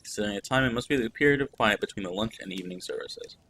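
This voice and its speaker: A man's voice: fairly low pitch, very fast, a bit bright, a little hiss or hum, lightly acted, low-quality recording. A man reading the first-person narration of an earnest young French woman in a narrative game.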